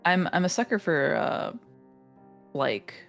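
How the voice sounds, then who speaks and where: A man from the United States chatting casually on a stream, halting with many fillers. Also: fairly high pitch, big pitch swings, gravelly, fairly bright tone, faint music behind. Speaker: stream guest. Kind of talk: casual chat on a voice call.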